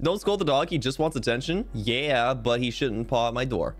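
A man's voice: medium pitch, moderate pace, few pauses, faint music behind. A young man chatting casually to his viewers while streaming a game, goofy and rambling. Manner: goofy, rambling, talks to chat.

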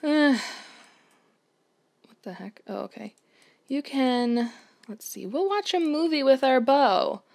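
A woman's voice: high-pitched, lively intonation, slow pace, vocal fry, long pauses, darkish tone. A woman hosting a casual let's-play, chatting playfully as she plays and tossing out mock-outraged exclamations. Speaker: gaming channel host.

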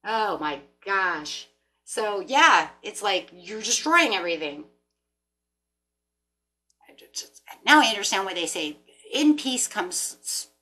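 A woman giving a casual tarot reading, animated and chatty, often repeating and restarting words as she thinks aloud, with the odd casual swear. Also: medium pitch. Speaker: tarot reader.

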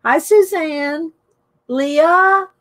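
A woman's voice: high-pitched, very slow, fairly bright tone. A middle-aged woman hosting a casual live art stream, chatting and greeting viewers by name. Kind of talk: casual live-stream chat while coloring.

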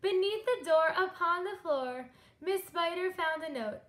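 Storybook read-aloud, gentle woman narrator, high and unhurried. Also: lively intonation, reverberant. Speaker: children's book reader.

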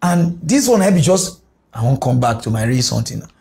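A man's voice: medium pitch, sing-song, a little fast, gravelly, a little mellow. A man with a Nigerian Pidgin English accent making an impassioned, repetitive appeal to politicians. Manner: pleading, emphatic, repeats words. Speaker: commentator.

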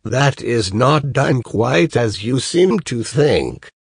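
A man's voice: medium pitch, lively intonation, takes it slowly, gravelly, slightly rough, dry recording, clean studio sound, heavily acted. A man voicing a cautious male wolf who explains things, in a plain storybook reading. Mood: explaining.

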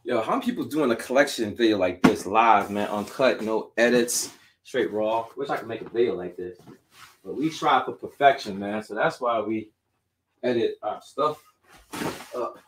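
A man's voice: on the low side, normal speed, noisy background. A man talking his way through a sneaker collection on a live stream, out of breath from moving boxes around. His talk is loose and chatty, sliding between half-sung muttering and eager explaining. He is recorded at home in a room cluttered with shoes. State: winded, out of breath. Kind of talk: casual live-stream chat.

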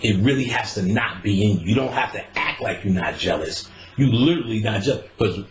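Male host, lively swooping delivery, laughs a lot, acts out quotes, echoey room. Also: on the low side, a little fast, slight background noise. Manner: animated, laughs often, acts out quoted lines. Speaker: podcast host. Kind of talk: casual profane storytelling chat.

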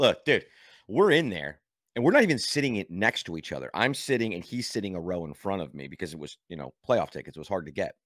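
Man, low voice, quick, rambling, casual podcast chat. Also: fairly bright tone, no echo, studio quality. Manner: rambling storyteller, restarts often. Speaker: podcast co-host.

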